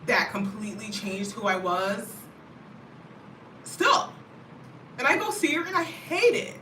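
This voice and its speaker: An American woman chatting casually to camera as a vlogger, animated and talkative, often checking in with "you know what I mean". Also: medium pitch, a little hiss or hum. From United States. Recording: roomy, mic at a distance.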